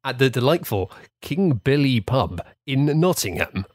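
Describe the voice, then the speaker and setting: A man's voice: medium pitch, big pitch swings, unhurried, a little mellow, dry recording, clean studio sound. A man co-hosting a comedy podcast, rambling through anecdotes in casual chat. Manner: rambling anecdotes with mimicked quotes. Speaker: podcast co-host.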